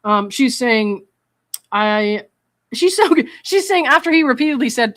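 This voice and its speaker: A woman with a slightly high voice reads text messages aloud on her commentary channel. She stops to react with indignant, exasperated commentary between the quoted lines. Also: animated, measured pace, a bit bright. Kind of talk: reading texts aloud with commentary.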